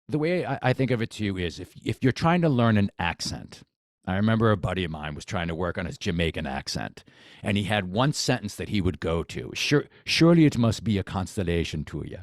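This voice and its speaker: Speaking fairly fast in a lowish, animated voice, a boxing coach guests on a casual podcast conversation. He's keen and repetitive, frequently starting his sentences over and reusing phrases. The studio-quality recording has no echo.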